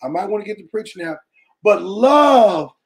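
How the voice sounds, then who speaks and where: A man giving an impassioned, preaching-style talk, colloquial and animated, often shouting for emphasis to his listeners. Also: high voice, moderate pace. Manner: colloquial, calls listeners "baby" and "y'all". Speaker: speaker addressing a church audience.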